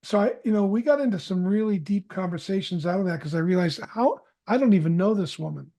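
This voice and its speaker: A middle-aged man with a fairly high voice tells a personal story as a podcast guest. He is candid and restarts his sentences often. He acts out the dialogue as he tells it. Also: lively intonation, quick pace, warm tone. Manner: candid, self-correcting storyteller who acts out quoted dialogue.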